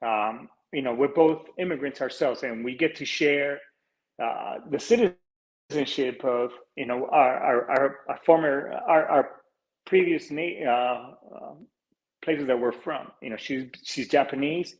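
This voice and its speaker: He's a podcast host in his forties, originally from Colombia, with a medium-pitched voice and a slightly slow delivery. He speaks earnestly in a casual, rambling manner, full of fillers, restarts and casual profanity. The audio is poor.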